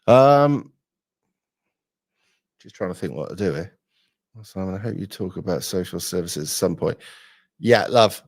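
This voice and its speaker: A man's voice: low voice, fairly quick, a little mellow, husky, dry recording, clean studio sound. A man hosting a livestream, talking in blunt, sweary, rambling casual chat. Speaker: livestream host.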